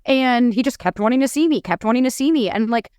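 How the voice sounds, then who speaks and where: A woman's voice: a little high, expressive, quick pace, darkish tone, clear, resonant tone, dry recording, clean studio sound. A young woman on a podcast, a dating coach telling her own story in candid, casual talk that is peppered with swearing.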